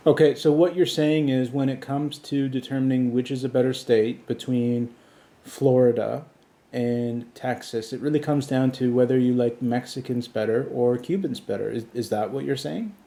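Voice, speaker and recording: A man runs a comedy podcast and talks back and forth with a voice assistant. His tone is dark and mellow. He speaks in a dry, insistent way and often lectures. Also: medium pitch, fairly even intonation, moderate pace. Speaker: podcast host.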